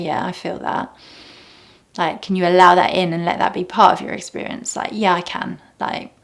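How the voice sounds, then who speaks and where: A young woman talking casually and reflectively about meditation, often dropping to soft near-whispers. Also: lowish voice. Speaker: meditation teacher.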